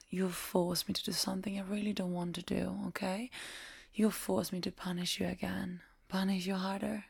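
A woman playing a strict, teasing Italian tutor in a whispered role-play, slow and domineering with soft laughs. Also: mid-range voice, gravelly, breathy edge, heavily acted.

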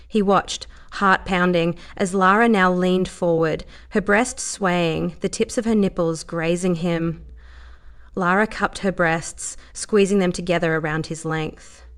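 A woman narrating a story aloud in an even, measured reading voice. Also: on the low side.

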